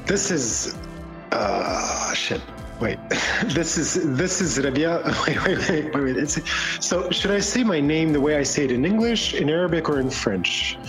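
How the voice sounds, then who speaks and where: A man's voice: a little high, sing-song, measured pace, music in the background, poor audio. Rambling Lebanese man, laughing. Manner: rambling, laughing, fumbling his words. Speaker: guest musician. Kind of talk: casual conversation. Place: outdoors, walking in the countryside.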